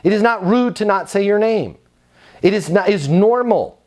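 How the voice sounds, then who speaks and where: A man's voice: high voice, animated, normal speed, darkish tone. A man teaching a seminar on answering the phone in leasing sales, emphatic and fired up, driving his points home with repetition.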